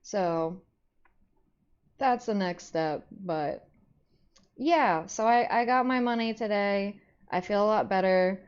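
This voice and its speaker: A woman's voice: takes it slowly, pauses often, clean tone. Rambling young woman streamer, lo-fi audio. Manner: rambling, many "like" fillers; bursts into high squeaky greetings to chat. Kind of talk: casual live-stream chat. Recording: slightly dull lo-fi stream audio.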